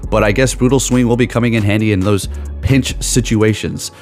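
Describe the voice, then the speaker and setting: A man's voice: lowish voice, a little fast, faint music behind. A man talking into a USB microphone, giving gaming tips and joking animatedly about his critics in a casual vlog. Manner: animated, jokey, ranting about haters. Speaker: gaming YouTuber.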